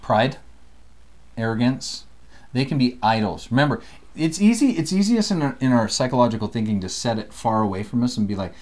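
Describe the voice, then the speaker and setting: Brief: man co-host, lively swooping delivery, playful scripture teacher. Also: mid-range voice, fairly quick. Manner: animated, playful, laughs often. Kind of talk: casual scripture study chat.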